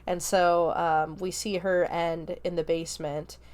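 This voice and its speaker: A woman's voice: lowish voice, level tone, measured pace, darkish tone. A woman hosting a podcast, giving a casual spoken review of a film, talking chattily with lots of ums and likes. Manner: chatty, many fillers like um and like.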